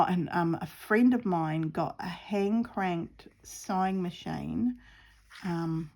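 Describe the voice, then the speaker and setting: Woman, New Zealand accent, middle-aged, gravelly, mellow, rambling, self-deprecating, sewing vlog. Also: mid-range voice. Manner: rambling, chatty, self-deprecating, drops to murmurs while sewing. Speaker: sewing vlogger. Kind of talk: casual crafting chat. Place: outdoors at home.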